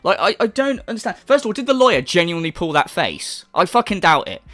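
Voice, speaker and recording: A man's voice: sits high, very animated, quick pace, pushed and bright, no echo. A man hosting a commentary channel, delivering an exasperated, profane rant full of mockery. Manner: exasperated, sweary, mocking.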